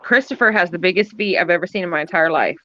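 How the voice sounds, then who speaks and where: A woman's voice: on the low side, fast talker, sharp tone, no echo. Teasing woman on a dull, dry call line. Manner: teasing, laughs easily. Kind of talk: casual group chat.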